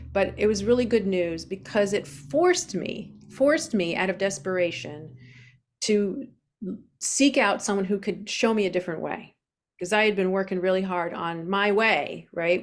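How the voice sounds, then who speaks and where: A woman in her forties speaks openly as an interview guest. She tells her story earnestly, pausing on fillers along the way, in an ordinary mid-range voice. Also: mid-range voice. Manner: open, earnest, with frequent fillers. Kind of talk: candid personal storytelling in a podcast interview.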